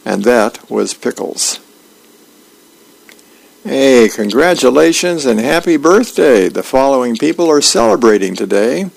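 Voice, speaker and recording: A man reading the newspaper aloud on a radio reading service, plain and unhurried with small slips and fillers. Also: medium pitch, big pitch swings, vocal fry, rough recording. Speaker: volunteer newspaper reader.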